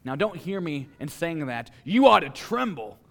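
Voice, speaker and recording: A male pastor delivering a sermon in a voice that sits fairly high for a man. He leans on dramatic pauses and swings between hushed, low passages and forceful declarations. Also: big pitch swings, creaky.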